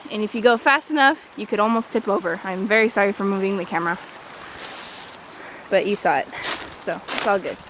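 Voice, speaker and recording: A teenage girl vlogging as she walks through a forest outdoors, chatty and self-mocking, with jokey asides, filmed on a handheld device. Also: mid-range voice. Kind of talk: walking tour vlog. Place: small forest by a creek, outdoors on a windy day. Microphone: handheld iPod camera. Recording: wind noise and a rushing creek.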